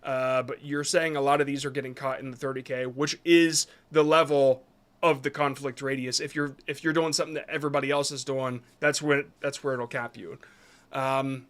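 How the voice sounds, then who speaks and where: A man's voice: a little high, a bit bright. A man reviewing viewers' short videos on a live stream, talking casually and rambling a bit as he gives frank advice.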